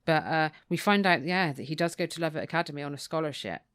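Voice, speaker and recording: Low smooth-voiced woman co-hosting. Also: fast, a bit bright, dry recording. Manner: reads quotes with dry, mock-dramatic relish, laughs often. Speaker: podcast co-host. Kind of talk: casual book discussion, reading passages aloud.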